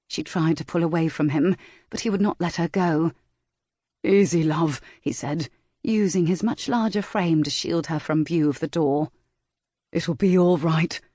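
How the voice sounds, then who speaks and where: Low-voiced woman narrating an audiobook. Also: warm tone, dry recording, clean studio sound. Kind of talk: scripted narration.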